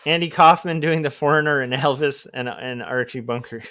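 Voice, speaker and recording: A man's voice: mid-range voice, fairly quick, a bit bright, dry recording, clean studio sound. Rambling man chatting on a livestream. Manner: rambling and self-deprecating, with laughs. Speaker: livestream host and comic artist. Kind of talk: casual livestream chat.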